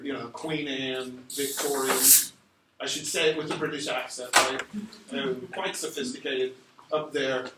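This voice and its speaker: A man's voice: a little high, heavy background noise. A middle-aged man giving a casual university lecture, digressive and full of fillers and restarts. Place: lecture room. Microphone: recorded from a distance in the room. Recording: roomy echo from a distant mic.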